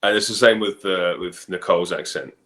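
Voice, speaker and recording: Deep-voiced man, relaxed director guest. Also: brisk. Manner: relaxed, thoughtful, many ums and you-knows. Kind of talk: casual interview chat.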